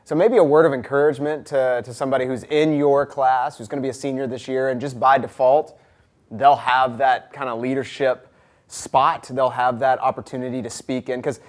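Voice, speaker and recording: A man's voice: mid-range voice, fairly even intonation, moderate pace. This is a man hosting a casual school podcast interview. His voice sits in a middle range, and his delivery is upbeat and talkative. He laughs easily as he goes. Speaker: school ministry director and podcast host.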